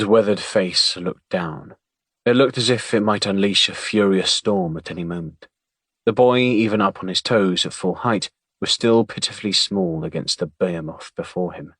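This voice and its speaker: Male audiobook narrator, low, wry, dry studio sound. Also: fairly bright tone, breathy edge, dry recording. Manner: measured, wry storytelling.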